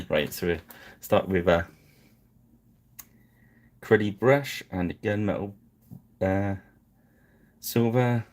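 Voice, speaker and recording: A man with a low, deep voice talks slowly and easily at his hobby desk during a live painting stream. His chat is casual and apologetic, and he pokes fun at himself as he goes. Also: animated, a little mellow. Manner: chatty and apologetic, self-deprecating.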